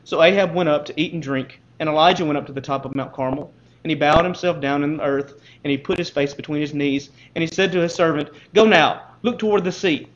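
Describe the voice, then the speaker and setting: A man's voice: quick pace, lo-fi sound, a little hiss or hum. A man preacher reading scripture aloud with dramatic emphasis, lifting his voice for the quoted speeches. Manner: rises in pitch and volume for quoted lines.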